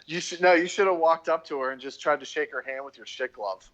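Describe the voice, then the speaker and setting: Higher-voiced man, jokey and profane. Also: quick pace, fairly bright tone, lo-fi sound. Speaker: podcast co-host. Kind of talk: casual chat.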